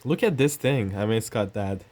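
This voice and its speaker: Male vlogger, fairly low voice, loose chatty unboxing talk with fillers. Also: animated, brisk, darkish tone. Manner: chatty, rambling, thinking aloud with fillers. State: coughing now and then. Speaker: tech channel host. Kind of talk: casual unboxing narration.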